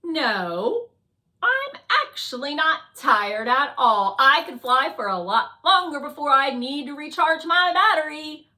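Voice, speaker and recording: A woman voicing a small, chatty, excitable drone that talks loudly and eagerly in bursts. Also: high voice, measured pace, pitched above the performer's own voice, heavily acted. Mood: eager chatter.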